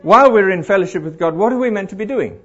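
A middle-aged man preaching to a congregation, animated and throwing questions out to the crowd. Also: high voice, fast, husky. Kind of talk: interactive sermon. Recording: dull lo-fi live recording.

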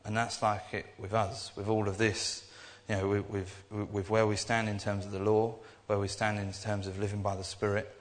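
A young man preaches in a loose, earnest ramble, circling back and restarting his thoughts often. His voice sits on the low side, and it carries a long echo that hangs in the hall. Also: flat delivery, normal speed, few pauses. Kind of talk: informal sermon. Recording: echoey hall.

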